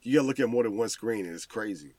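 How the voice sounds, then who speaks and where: A man's voice: fairly low pitch, fast talker, a little mellow, no room sound. A man co-hosting a podcast in casual chat, joking around and laughing a lot. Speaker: podcast co-host.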